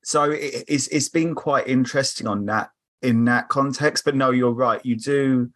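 A man's voice: medium pitch, steady tone, normal speed, fairly bright tone. A man from England with a South London accent, a podcast guest chatting and telling stories with quoted voices. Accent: South London English. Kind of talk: casual chat.

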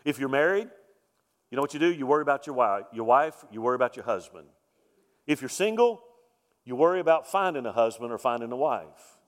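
A man's voice: mid-range voice, animated, fairly quick. A man preaching a sermon as pastor, emphatic, repeating key lines and asking rhetorical questions. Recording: long reverb of a large hall.

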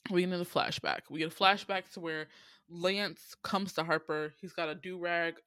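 A woman giving a casual movie recap, animated and profane, laughing often. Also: lowish voice, moderate pace, clear, resonant tone, no room sound.

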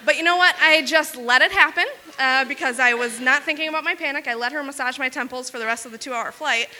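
A woman from Wisconsin telling a self-mocking story on stage, fast and full of "like". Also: sits high, pushed and bright, big-room sound, slight background noise. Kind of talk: live comic storytelling.

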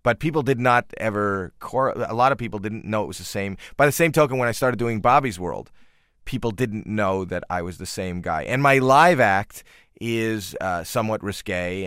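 A man with a lowish, smooth and resonant voice, talking as an interview guest. He tells anecdotes in an animated way, quoting people in quick bursts. The sound is dry and close. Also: dry recording. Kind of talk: casual interview chat.

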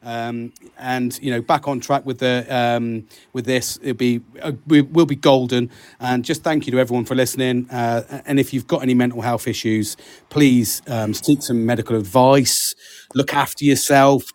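A man's voice: medium pitch, steady tone, normal speed, a little mellow, dry recording. A British man hosting a casual podcast, chatty, laughing often and calling his co-host mate. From Britain.

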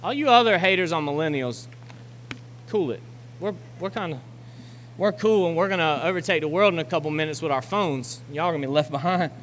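Young guy pastor preaching, kinda high voice, gets loud and urgent then goes quiet, big hall echo and some faint hiss. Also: brisk. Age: young adult. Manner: builds to loud, urgent exhortation; quiet, reflective close. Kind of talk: sermon. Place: church auditorium. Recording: long hall reverb with faint noise.

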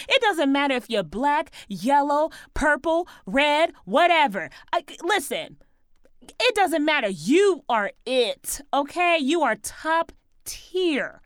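A woman's voice: high-pitched, big pitch swings, slow pace, fairly bright tone, no room sound, clean studio sound. A woman hosting her own podcast, giving upbeat, preachy encouragement in a sing-song way. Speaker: podcast host. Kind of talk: upbeat motivational solo podcast.

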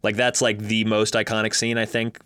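Thoughtful low-voiced man, dry sound. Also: completely flat delivery, normal speed, pushed and bright, smooth, no echo. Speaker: film podcast co-host. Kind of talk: casual film discussion.

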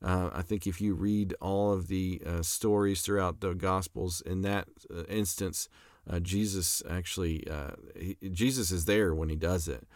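Casting: young man, lowish voice, relaxed lecturer, lots of "uh" and restarts, dry close recording. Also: measured pace, dry recording. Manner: conversational with frequent fillers and restarts, reads scripture aloud. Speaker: apologetics lecturer.

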